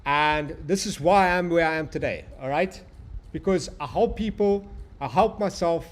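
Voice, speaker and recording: A young man with a slightly raised pitch hosts a live trading stream, calling out to his chat as "bro". He talks in a hyped, profane, motivational way, pushing viewers to believe in themselves. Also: normal speed. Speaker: trading livestream host.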